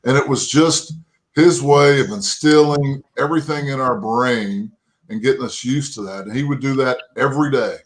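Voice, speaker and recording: A man's voice: mid-range voice, normal speed, low-quality recording. Folksy storytelling man from Texas. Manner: folksy, rambling anecdotes with frequent "right?" and "you know". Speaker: guest, former pro football lineman. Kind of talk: interview storytelling.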